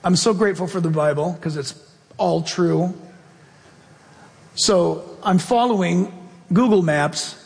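A man preaching from a pulpit, his voice sitting notably high for a man. He tells stories with lively, animated delivery, and long reverb trails after each phrase, as in a large hall. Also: slow pace, vocal fry, pauses often. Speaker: pastor. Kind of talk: sermon.

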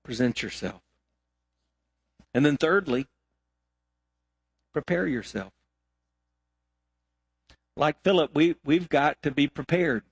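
Male pastor, middle-aged, slightly high voice, dry close mic, emphatic sermon delivery. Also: slow, creaky, long pauses, husky, no echo. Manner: emphatic, swings from loud high exhortation to quiet low asides.

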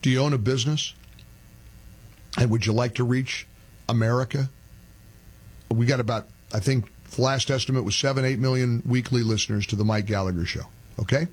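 An older man hosting a radio talk show, talking animatedly and rising to an emphatic pitch when he rants. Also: husky.

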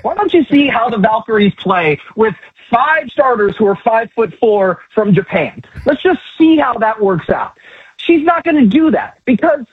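A man's voice: very high-pitched, lively intonation, normal speed, slightly rough, dry recording. Fired-up man on a tinny phone line. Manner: emphatic, repetitive, sarcastic. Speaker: phone-in guest commentator. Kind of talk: fired-up opinion commentary.

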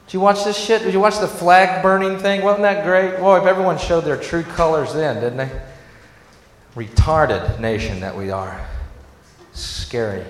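Sardonic high-voiced comic in an echoey hall. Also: male voice. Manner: sardonic, swings from mutters to shouted rants. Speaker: stand-up comedian. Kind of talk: stand-up comedy. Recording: echoey hall with faint noise.

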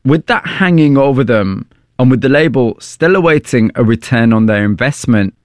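A man interviewing a guest and narrating the story between questions, measured and probing. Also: mid-range voice, animated, no echo. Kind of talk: documentary-style narration and questions.

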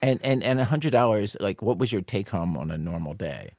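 A man's voice: fairly low pitch, lively intonation, brisk, a little mellow, no echo, clean studio sound. A man interviewing a guest, asking curious follow-up questions. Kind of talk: conversational interview.

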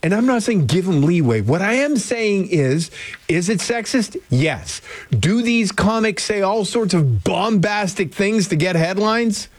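A man's voice: high voice, lively intonation, a little slow, no room sound. A man hosting talk radio, chatty and opinionated. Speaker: radio host. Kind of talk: casual talk radio chat. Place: radio studio.

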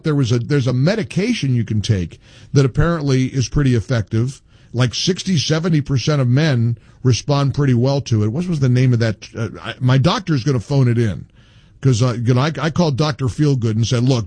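A man's voice: mid-range voice, darkish tone, slightly rough, dry recording. A middle-aged man hosting a call-in radio talk show, rambling and wry, his voice jumping up when he gets exasperated.

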